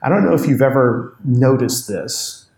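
Preacher in an echoey room. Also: male voice, medium pitch, moderate pace, creaky. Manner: animated storytelling, voicing people in the text. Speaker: pastor. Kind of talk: sermon.

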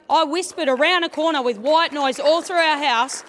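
Woman, animated church testimony, chatty storyteller, long hall reverb. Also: high-pitched, normal speed, hardly any pauses. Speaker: church member sharing testimony. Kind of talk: testimony from the stage. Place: large church auditorium. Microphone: handheld microphone.

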